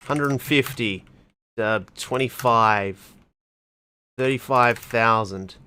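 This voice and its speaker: A man's voice: mid-range voice, lively intonation, a little slow, fairly bright tone, no room sound. A man hosting a let's play, giving casual, wry commentary on a game and reading on-screen text aloud.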